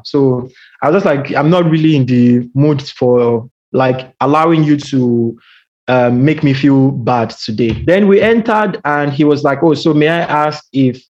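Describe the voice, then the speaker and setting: A man in his thirties with a Nigerian accent, chatting casually and telling a story with quick asides and restarts. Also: on the high side, a little mellow. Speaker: podcast co-host. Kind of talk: casual chat. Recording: dull lo-fi audio.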